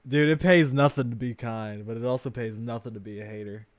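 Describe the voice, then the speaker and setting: A man hosting a livestream, reacting to a video with crude, mocking commentary that swings between loud outbursts and mutters. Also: medium pitch, fairly quick, dry recording.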